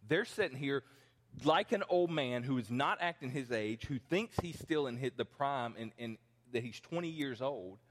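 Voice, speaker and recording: A man's voice: medium pitch, expressive, normal speed. Man in his forties preaching in a reverberant hall. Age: 40s. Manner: conversational preaching with acted-out quotes. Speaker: pastor. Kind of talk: sermon. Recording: long reverb in a large hall.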